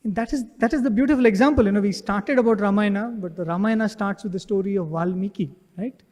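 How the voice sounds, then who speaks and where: A man's voice: sits high, quick pace, a little mellow. A man giving an earnest devotional talk, telling stories and often asking "right?" to his listeners. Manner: earnest storytelling, frequent rhetorical "right?". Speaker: devotional speaker. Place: devotional center hall. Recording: echoey hall with long reverb.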